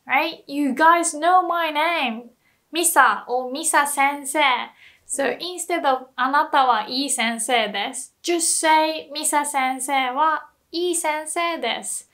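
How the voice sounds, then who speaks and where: Woman, young adult, relaxed unhurried delivery, playful teacher, frequent laughter. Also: high voice. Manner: playful, laughs often, acts out sample phrases. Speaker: Japanese language teacher. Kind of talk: casual video lesson.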